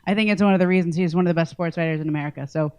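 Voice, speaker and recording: A woman's voice: fairly low pitch, racing, clean tone. A young woman introducing an award honoree at a podium in a casual, chatty way, full of "like" and "um". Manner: casual, uses "like" and "um", warm praise.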